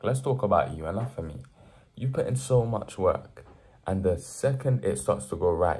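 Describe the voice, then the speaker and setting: In an earnest direct-to-camera motivational vlog, a young man preaches hard work, building toward emphatic pushes. His voice sits low and sounds warm and expressive, moving at a normal speed.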